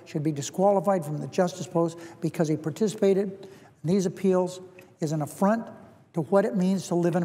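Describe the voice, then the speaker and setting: Deliberate man in a reverberant chamber. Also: high-pitched, dark tone. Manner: deliberate, repeats phrases for emphasis. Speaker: senator. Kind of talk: formal floor speech. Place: large legislative chamber. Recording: long reverb of a large hall.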